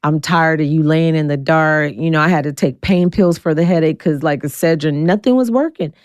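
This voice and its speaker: A woman in her forties talks bluntly and with energy, a straight shooter retelling her story for an interview. Her voice sits low and smooth, recorded dry and close. When she quotes people, her pitch leaps sharply upward. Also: brisk, no room sound. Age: 40s. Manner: blunt, animated, acts out quotes with big pitch jumps. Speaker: guest.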